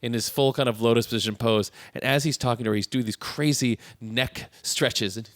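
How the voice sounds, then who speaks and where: A man's voice: mid-range voice, a little fast, no room sound, clean studio sound. A man co-hosting a casual film podcast, retelling scenes with frequent laughter. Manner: animated, laughs often while retelling scenes. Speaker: podcast co-host.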